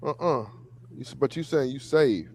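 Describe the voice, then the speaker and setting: A man co-hosting a casual talk show about faith, animated and quick to push back. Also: medium pitch, a little hiss or hum. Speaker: co-host. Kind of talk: casual religious discussion.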